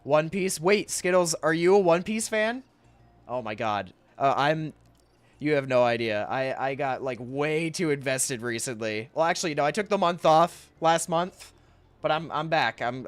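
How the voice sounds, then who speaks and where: A young man streaming while he draws, rambling casually to chat, reading messages aloud and often laughing. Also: mid-range voice.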